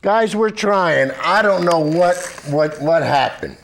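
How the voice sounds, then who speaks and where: A man's voice: fairly high pitch, lively intonation, slow pace, creaky, slight background noise. A man hosting a live public-access TV show, rambling and apologetic, with fillers and nervous laughs.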